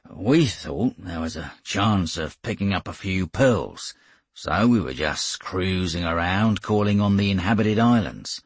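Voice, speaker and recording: A haggard Australian sailor of about forty, as a man reads him aloud, spinning his yarn in a broad, easygoing drawl. The voice sits low and husky and moves with a lively lilt, recorded close and dry. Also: no echo, heavily acted. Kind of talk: audiobook reading.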